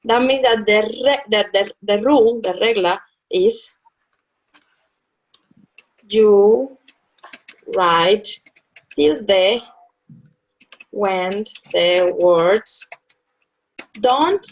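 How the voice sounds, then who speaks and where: A woman's voice: medium pitch, drawn-out words, pauses often. A woman tutoring a Spanish lesson, patiently explaining rules step by step, repeating key words and checking that her student follows. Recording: dull lo-fi sound.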